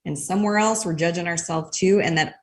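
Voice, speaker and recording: A woman guest explaining her ideas in a thoughtful, measured way during a conversation. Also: lowish voice. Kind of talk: conversational interview.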